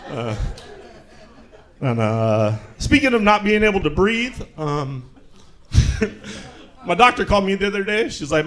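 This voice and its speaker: Young male comic from Tacoma, high and animated, self-mocking stand-up delivery with chuckles. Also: measured pace, long pauses. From Tacoma, Washington. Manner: laid-back, self-mocking, chuckles through punchlines. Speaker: stand-up comedian. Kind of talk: stand-up comedy set. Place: comedy show with live audience.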